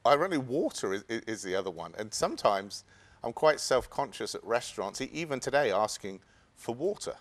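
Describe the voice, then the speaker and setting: A man's voice: mid-range voice, sing-song, fairly quick. A man with an English accent, a guest in an interview, talking hesitantly with many stammered restarts. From England. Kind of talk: interview conversation.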